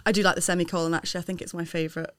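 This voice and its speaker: A woman's voice: fairly low pitch, level tone, racing, fairly bright tone, clear, resonant tone, dry recording, studio quality. A woman co-hosting a podcast, chatting frankly, swearing casually and laughing easily. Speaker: podcast co-host. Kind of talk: casual chat.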